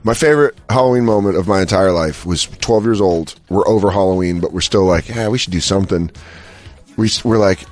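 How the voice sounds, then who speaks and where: A man co-hosting a casual chat show, telling stories with lively delivery and putting on little voices. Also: deep voice, brisk, soft background music. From American. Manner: animated storyteller, acts out voices and shouts. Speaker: podcast co-host.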